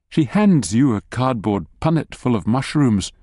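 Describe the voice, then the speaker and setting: A man's voice: mid-range voice, sing-song, unhurried, few pauses, warm tone, no room sound. A man narrating an audiobook in the second person with a wry, dry humour.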